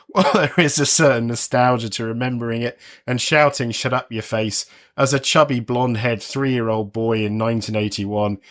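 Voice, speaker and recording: With a medium-pitched, fairly bright voice, this music podcast host in his forties reads a scripted narration. His commentary is wry and conversational, with a sardonic edge to his asides.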